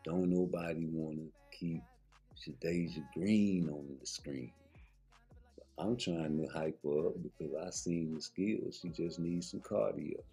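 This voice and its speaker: A man's voice: low voice, dark tone, husky. A man, ranting about boxing in a profane, heated, rambling way. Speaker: boxing commentary vlogger. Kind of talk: casual opinion rant.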